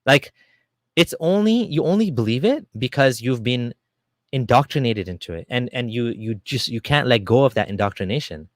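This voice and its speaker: A man giving a casual, argumentative monologue to camera, animated and full of fillers and restarts. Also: mid-range voice, normal speed, no room sound. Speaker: video creator.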